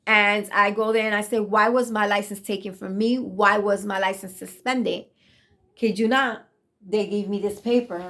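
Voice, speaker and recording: A woman's voice: mid-range voice, steady tone, normal speed, fairly bright tone. Thirties woman, casual vlog testimony, earnest and emotional delivery. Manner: earnest, emotional, repeats herself for emphasis. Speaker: vlogger sharing a testimony. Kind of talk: casual personal storytelling.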